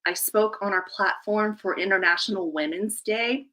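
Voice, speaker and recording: A woman life coach talks as a guest on a live podcast, her voice bright and forward. She speaks with energetic, emphatic motivational drive, pressing hard on key words and building up to big declarations. Her pitch sits in the middle range. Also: moderate pace, rough recording.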